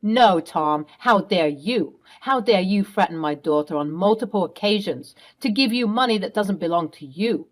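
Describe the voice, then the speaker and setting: A woman's voice: medium pitch, expressive, moderate pace, hardly any pauses, natural voice. A woman voicing a furious middle-aged mother who confronts her cheating husband, stern and cutting. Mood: outraged.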